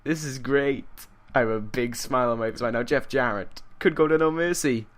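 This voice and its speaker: A man commentates a wrestling video game with excitable energy, shouting and laughing at the big moments and wandering into rambling asides where he corrects himself. His mid-range voice moves briskly.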